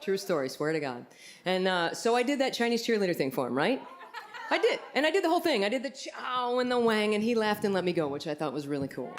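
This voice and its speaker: Animated woman stand-up comic. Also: mid-range voice, fast talker, background noise. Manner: chatty, animated storytelling. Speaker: stand-up comedian. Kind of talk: stand-up comedy set.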